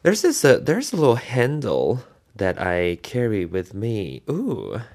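A man's voice: mid-range voice, huge pitch swings, measured pace, a little mellow, dry recording. A man hosting a podcast in casual, rambling chat, often interrupting himself, recorded in his living room at home on a handheld recorder. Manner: chatty, rambling, self-interrupting. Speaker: podcast host.

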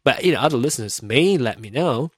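A man's voice: mid-range voice, expressive, quick pace, husky, no room sound, clean studio sound. A man whose first language is Mandarin, hosting a casual solo podcast from home, rambling and self-interrupting as he explains things and laughing easily. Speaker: podcast host.

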